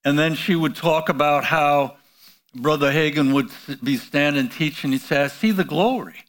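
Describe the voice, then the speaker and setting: A man's voice: fairly high pitch, level tone, moderate pace, a bit bright. A man preaching a sermon, prompting the congregation with call-and-response questions and exclaiming hallelujah. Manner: frequent "you know" fillers, exclaims hallelujah.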